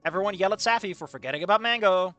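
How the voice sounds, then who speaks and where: A man reading fanfiction aloud and breaking off into comedic asides, swearing freely and quick to laugh at the text. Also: high voice, sharp tone, faint music behind. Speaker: fanfiction reader and commentator.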